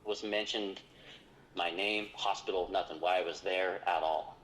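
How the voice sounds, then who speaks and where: Low-voiced man telling a story. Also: fairly even intonation, a little slow, fairly bright tone, slight background noise, rough recording. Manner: earnest, retelling a story with quoted dialogue. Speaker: guest. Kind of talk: casual storytelling.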